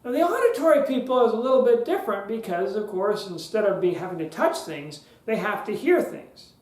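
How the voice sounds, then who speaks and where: A man's voice: high-pitched, lively intonation, brisk, a little mellow, reverberant, rough recording. A man hosting a podcast lesson on public speaking, talking in a conversational way with joking asides.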